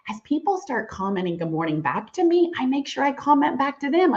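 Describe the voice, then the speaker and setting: A woman's voice: fairly high pitch, sing-song, fast talker, hardly any pauses. A middle-aged woman giving a livestream sales training, bubbly and chatty, laughing often. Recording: dull lo-fi livestream audio.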